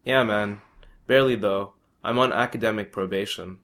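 Man doing cocky young male friend, laid-back slang, boastful, slightly low voice. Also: moderate pace, a bit bright.

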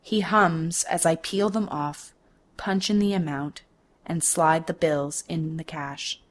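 A young woman telling a first-person story, her voice low and her delivery slow and deliberate. Each detail is placed carefully, with a measured calm. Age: young adult. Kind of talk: first-person narrated monologue.

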